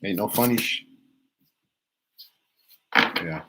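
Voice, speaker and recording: Man, tarot reader, live stream, rambling casual talk, lowish voice. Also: slow, pushed and bright, breathy edge, poor audio. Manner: laid-back, rambling, restarts and repeats phrases.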